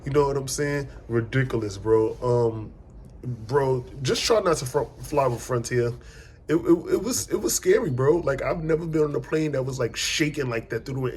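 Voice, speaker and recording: A young man recapping a trip on his vlog, animated and profane, retelling an argument by quoting both sides. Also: mid-range voice, slight background noise. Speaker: vlogger. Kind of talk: casual storytime vlog recap.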